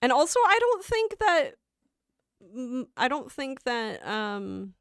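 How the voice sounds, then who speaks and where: Woman streamer, unhurried and giggly, clear dry close-mic sound. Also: high voice, very animated, a bit bright, no echo. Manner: chatty and rambling, reads chat aloud, laughs often. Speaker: livestream host. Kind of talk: casual livestream chat while gaming.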